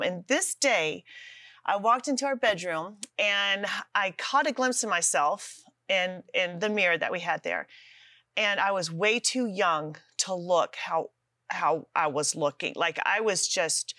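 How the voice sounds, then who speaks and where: A woman's voice: medium pitch, measured pace, sharp tone, no room sound, clean studio sound. A middle-aged woman, a guest author, telling her story earnestly with self-deprecating humor on a talk show. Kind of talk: testimony in a studio talk show.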